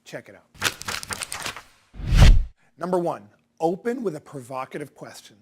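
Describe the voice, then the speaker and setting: A man's voice: a little high, sing-song, a little slow, darkish tone, slightly rough. A man coaching salespeople in a direct-to-camera lesson, punchy and challenging, asking rhetorical questions.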